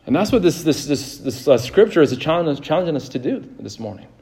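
A male pastor delivering a sermon, moving between fervent exhortation and calm storytelling, with frequent fillers and repeated words. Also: fairly high pitch, fast, vocal fry. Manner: rising fervor, then a calm storytelling tone.

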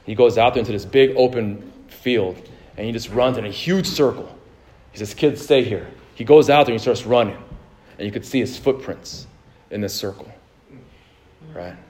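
A male pastor delivering a sermon, moving between fervent exhortation and calm storytelling, with frequent fillers and repeated words. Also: medium pitch, moderate pace. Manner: rising fervor, then a calm storytelling tone.

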